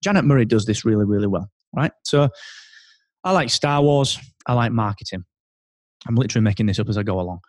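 A man talking as a guest on an interview podcast, animated and thinking aloud with restarts. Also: lowish voice, racing, no room sound, studio quality. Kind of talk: casual interview chat.

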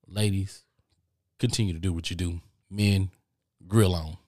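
Deep-voiced man ranting animatedly. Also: a little slow, dry recording, clean studio sound. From United States. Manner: animated, repetitive ranting, swears. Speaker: podcast host. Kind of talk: casual monologue rant.

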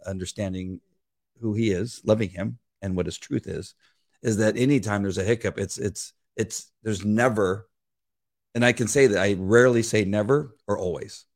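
A man co-hosting a podcast, speaking in a measured, thoughtful way and searching for his words. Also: on the low side. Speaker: podcast co-host. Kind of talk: casual faith conversation.

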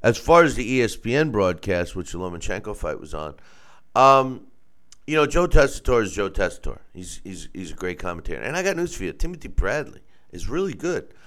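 A man's voice: lowish voice, very animated, brisk, fairly bright tone. A man hosting a casual boxing commentary show, giving blunt, opinionated takes.

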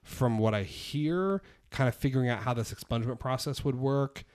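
A man's voice: medium pitch, moderate pace, darkish tone. A man co-hosting a podcast, explaining policy details casually with lots of fillers and a wry edge. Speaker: podcast co-host.

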